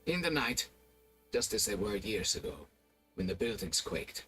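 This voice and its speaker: Pompous game aristocrat: condescending, fussy, animated intonation, faint music under. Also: male voice, fairly low pitch, moderate pace. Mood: grave. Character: pompous middle-aged nobleman, haughty and demanding. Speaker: vineyard owner hiring a monster hunter. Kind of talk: video game voice acting.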